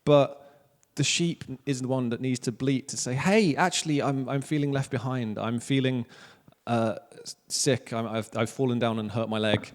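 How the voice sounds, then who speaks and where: Welsh male pastor, 30s, casual self-mocking sermon, mid-pitched voice, long church reverb. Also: steady tone, moderate pace. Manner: casual, joking, self-deprecating preaching. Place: church hall.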